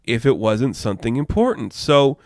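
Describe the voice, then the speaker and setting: A man giving casual, rambling commentary, chatty and quick to laugh. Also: mid-range voice, sing-song, a little mellow, dry recording, clean studio sound. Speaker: pop culture commentator.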